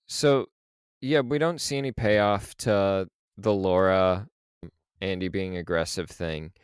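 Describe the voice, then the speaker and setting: A man with a low, smooth voice talks through a horror film in relaxed podcast chat. He tells the story with animated energy, swears freely and laughs often. The sound is dry and close to the mic. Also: takes it slowly, no room sound. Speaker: podcast co-host. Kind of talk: casual film discussion.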